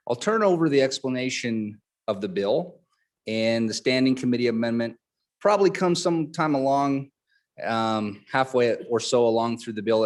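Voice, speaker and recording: A man committee chairman moving a bill on the floor in a relaxed, slightly rambling way. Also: medium pitch. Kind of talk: formal floor motion. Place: legislative chamber.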